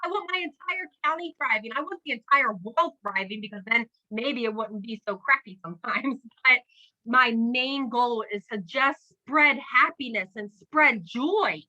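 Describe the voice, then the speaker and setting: Bubbly, excitable woman, lo-fi sound. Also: on the high side, unhurried. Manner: emotional, excitable, swears casually. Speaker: team member sharing tips. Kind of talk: casual group call.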